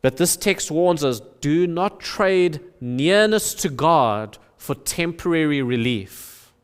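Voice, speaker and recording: Slow, earnest preaching man in echoing church. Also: on the high side, lively intonation, smooth. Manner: earnest preaching, slow with emphatic rises and drops. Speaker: pastor. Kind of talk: sermon. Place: church sanctuary. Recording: long reverb of a church hall.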